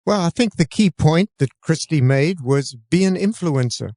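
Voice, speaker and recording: A man with a real Southern US accent, co-hosting a real estate podcast in a relaxed, easygoing chat with dry jokes. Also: on the high side, normal speed, no room sound. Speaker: podcast co-host. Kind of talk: casual chat.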